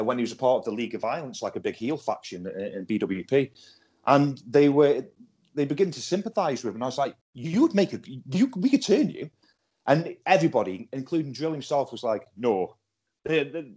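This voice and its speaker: A man's voice: medium pitch, breathy edge. A man hosting a casual podcast chat over a Skype call, telling stories with lots of restarts. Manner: animated storytelling with repeated restarts. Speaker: podcast host and wrestling promoter.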